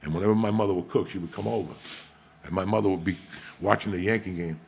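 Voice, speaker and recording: Gravelly New man, rowdy and profane. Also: sits low, quick pace, a little mellow, a little hiss or hum. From Cuba. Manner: profane, rowdy, laughs through his stories. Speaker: podcast host. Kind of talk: casual storytelling chat.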